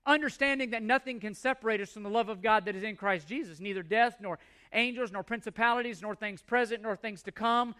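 Male pastor delivering an emphatic sermon; bright, forceful tone. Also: high voice, brisk, clean tone. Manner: emphatic preaching with repeated phrases and scripture readings.

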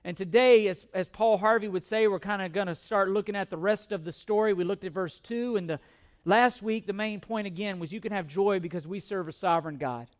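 With a voice that sits high and a slightly fast pace, a middle-aged pastor opens his sermon with an animated, humorous, self-deprecating personal story, then turns to scripture.

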